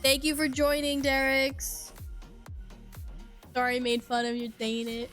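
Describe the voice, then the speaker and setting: A young woman streams a game and chats with her viewers, joking at her own expense, laughing and swearing casually as she plays. Her voice is high-pitched and a bit bright, with a steady tone and normal speed. Soft music plays in the background.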